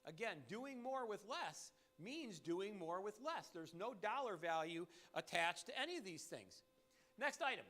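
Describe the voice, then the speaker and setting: Lively, high-pitched man giving sales training. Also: unhurried. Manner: animated, emphatic, repeats key phrases. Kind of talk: motivational sales training talk.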